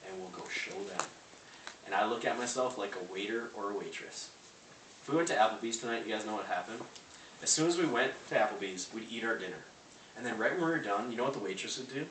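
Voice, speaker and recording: A young adult network marketer with a lowish, fairly bright voice gives a cocky motivational sales talk, hitting his live audience with punchy rhetorical questions. The audio, from a large room in a house, is roomy and distant with faint hiss.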